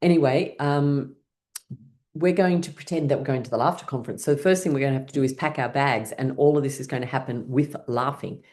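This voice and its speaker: With an extremely low, slightly mellow voice and a slightly fast pace, a woman guides a laughter exercise session as the instructor. Cheerful and playful, she coaxes the participants to join in, frequently breaking into exaggerated laughter.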